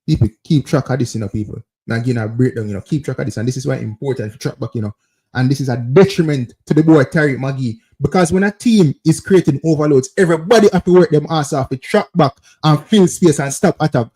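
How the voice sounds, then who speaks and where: A man's voice: mid-range voice, fast talker, mellow, breathy edge. A man with a Jamaican accent hosting a football call-in show, insistently breaking down plays over footage and calling out to viewers. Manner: repetitive, insistent, keeps addressing viewers as people.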